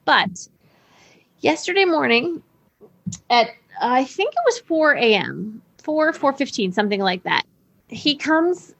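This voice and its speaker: Woman guest kinda tipsy, laughing thru her stories, voice on the high side. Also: normal speed. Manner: animated, laughs often while telling stories. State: a little tipsy. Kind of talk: casual chat, storytelling.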